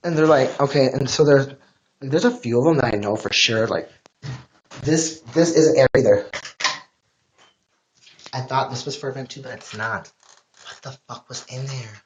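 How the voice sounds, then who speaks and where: A man's voice: mid-range voice, normal speed, pauses often, a little mellow, highs cut off, slight background noise. A man chatting casually on a livestream from his home, rambling and swearing often. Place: at home, indoors.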